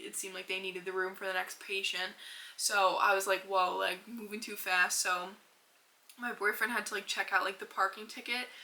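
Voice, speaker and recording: Young woman host, very bright tone, chatty storyteller, filler-heavy, everyday pitch. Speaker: podcast host. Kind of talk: casual storytelling monologue.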